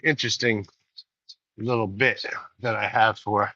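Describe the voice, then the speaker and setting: Bright-voiced, rambling male podcast host. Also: fairly low pitch, steady tone, a little slow, no room sound. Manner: rambling, laughs often, self-correcting. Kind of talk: casual solo podcast monologue. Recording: dull lo-fi sound.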